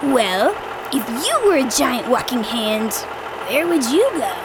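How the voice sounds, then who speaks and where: A woman's voice: on the high side, big pitch swings, unhurried, very noisy. A woman voicing Doc, a playful, encouraging sidekick who jokes with the host in a children's audio drama.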